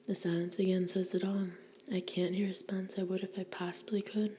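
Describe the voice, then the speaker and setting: A woman's voice: lowish voice, fairly even intonation, moderate pace, mellow. A woman narrating a first-person novel in a whispered audiobook reading, intimate and wry. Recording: dull lo-fi recording with faint hiss.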